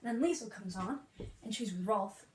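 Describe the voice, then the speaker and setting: A young woman retelling a musical in a fast, playful, slangy way, acting out the quotes, recorded in a room with faint noise. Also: medium pitch, a little mellow, roomy sound. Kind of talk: hyper comic retelling.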